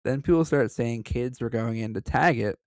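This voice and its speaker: A man with a gravelly, fry-tinged voice reads a story out on a podcast, stopping often for crude jokes and banter. His voice is close and dry, with no room sound at all. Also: medium pitch, normal speed, no room sound. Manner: profane, joking asides between read passages. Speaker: podcast co-host reading a story. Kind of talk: casual story reading with banter.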